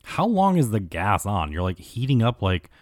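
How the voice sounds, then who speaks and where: A man's voice: lowish voice, very animated, normal speed, a little mellow, no room sound, studio quality. A man riffing sarcastically through a year in review, rambling and swearing with constant fillers. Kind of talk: casual year-in-review commentary.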